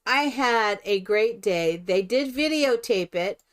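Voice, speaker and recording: An older woman streaming herself playing a game, chatting in a rambling, animated storytelling way. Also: mid-range voice, slow. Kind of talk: casual chat while playing a life-simulation game.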